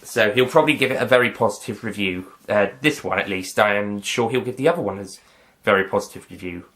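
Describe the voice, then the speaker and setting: A man's voice: lowish voice, quick pace, fairly bright tone. A man reviewing a film in a loose, casual way, rambling with hesitations and losing his train of thought. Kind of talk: casual review blooper reel.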